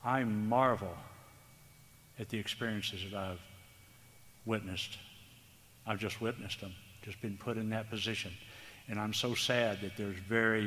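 A man preaching a sermon, earnest and tender, speaking slowly with emphasis. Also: lowish voice, steady tone, fairly bright tone. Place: church hall. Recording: long hall reverb, faint background noise.

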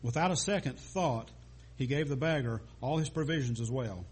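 A man's voice: medium pitch, normal speed, slightly rough. A man preaching a sermon, telling a story with small stumbles and restarts.

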